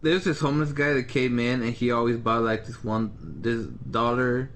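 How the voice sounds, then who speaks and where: A man's voice: mid-range voice, normal speed, slight background noise. A young man co-hosting a casual podcast, telling a story from work and acting out the quotes with a raised voice. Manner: animated, acts out quotes with raised voice. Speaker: podcast co-host.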